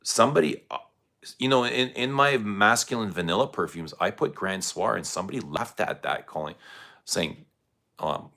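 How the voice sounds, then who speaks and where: A man's voice: lowish voice, normal speed, gravelly, sharp tone. A man hosting a casual fragrance livestream, rambling loosely and reacting to viewer comments. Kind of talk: casual livestream chat answering chat.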